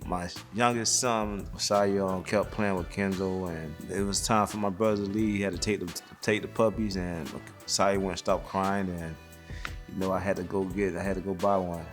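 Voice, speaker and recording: A man's voice: low-pitched, fairly even intonation, moderate pace. A middle-aged man talking in a laid-back, plain-spoken way in a casual interview. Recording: faint music underneath.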